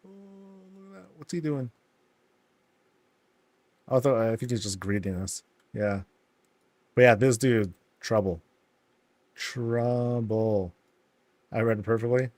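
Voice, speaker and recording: A man's voice: fairly low pitch, measured pace, long pauses, darkish tone, no room sound. Chill guy riffing on a game tour, laughs a lot, dry close sound. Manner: laid-back, amused, laughs often and voices characters in silly asides. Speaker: streamer touring player housing in a game. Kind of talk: casual game commentary.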